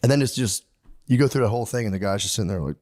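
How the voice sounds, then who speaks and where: A man's voice: lowish voice, rapid-fire, darkish tone. A man co-hosting a podcast in casual chat, loose and profane, often dropping into goofy quoted voices. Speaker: podcast co-host.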